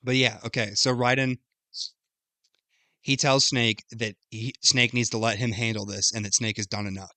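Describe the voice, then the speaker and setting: Bright-voiced young man recapping a game. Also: medium pitch, no room sound. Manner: animated, profane, retells scenes with quick quoted voices. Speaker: podcast co-host. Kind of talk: casual chat recapping a video game.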